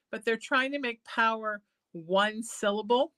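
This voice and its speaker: Slow-talking woman hosting a live chat. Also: medium pitch, animated, no echo. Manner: rambling and chatty, with frequent laughs; breaks into soft singing. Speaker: psychic medium hosting a live show. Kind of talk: casual live-stream chat.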